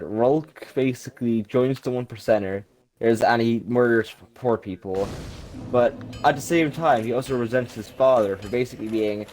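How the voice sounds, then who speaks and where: A man's voice: medium pitch, darkish tone, a little hiss or hum, poor audio. A man retelling game lore casually, with an irreverent, jokey manner and frequent swearing. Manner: irreverent, jokey, swears often, many fillers. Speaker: lore video narrator. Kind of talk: casual storytelling.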